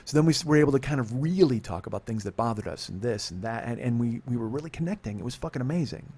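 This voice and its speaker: A middle-aged man tells a confessional story at high speed, tumbling from one clause into the next. His talk is rambling and profane, full of restarts and self-interruptions, at an ordinary middle pitch. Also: expressive, fast talker, darkish tone, breathy edge. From California. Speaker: podcast host. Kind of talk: confessional monologue.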